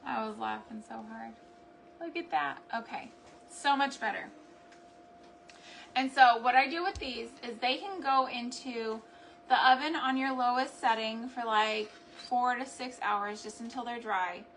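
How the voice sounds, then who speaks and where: A woman's voice: a little high, unhurried, a bit bright, slight background noise. A woman chatting casually while she crafts at home, thinking aloud and laughing at her own mishaps. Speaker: craft and homestead vlogger. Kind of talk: casual crafting chat to camera.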